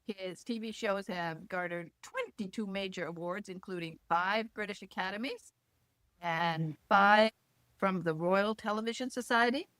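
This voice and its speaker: A woman's voice: mid-range voice, measured pace, a bit bright, dry recording. A woman hosting an author interview, enthusiastic and gushing. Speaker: interview host. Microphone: video call.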